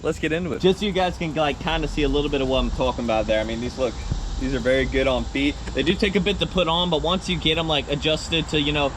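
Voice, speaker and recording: Young Southern guy, quick and chatty, upbeat sneaker-review host. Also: on the high side, fairly even intonation, noisy background. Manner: rambling, upbeat, lots of fillers like "right?". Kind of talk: casual unboxing vlog.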